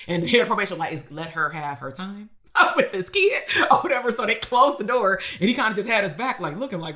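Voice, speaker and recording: A woman speaking gives a motivational live-stream talk as a business coach. Her voice is bright and forceful. She tells a blunt, streetwise story and drives her points home with rhetorical questions. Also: medium pitch, animated, fast talker, few pauses.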